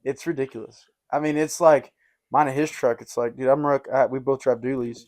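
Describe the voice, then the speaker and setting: A man's voice: mid-range voice, fairly quick. Rambling young guy telling stories. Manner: rambling and animated, uses "dude" and "like" a lot. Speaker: podcast host. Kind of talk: casual storytelling chat.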